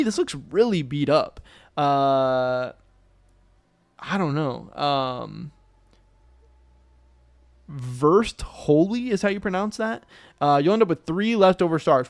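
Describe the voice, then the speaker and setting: A young man with a fairly high voice, streaming live and chatting loosely to his viewers. He muses aloud and corrects himself as he goes. The sound is close and dry, with no room around it. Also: no room sound. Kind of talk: casual live-stream commentary.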